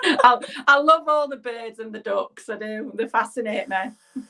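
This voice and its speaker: A woman's voice: fairly high pitch, gravelly, bright, forceful tone. A woman from England speaks with a Yorkshire accent. She rambles chattily between makeup steps and often slips into a giggle. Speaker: guest. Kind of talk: casual chat while doing makeup.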